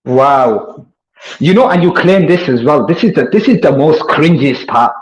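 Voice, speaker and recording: A man's voice: on the high side, lively intonation, normal speed. A man, delivering a combative, taunting monologue aimed at an online rival. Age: 20s. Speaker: online commentator. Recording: roomy echo.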